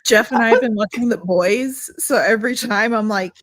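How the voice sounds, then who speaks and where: A woman co-hosting a casual chat podcast, talking in a relaxed, chatty way with some fillers. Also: on the high side, normal speed, no room sound. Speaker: podcast co-host.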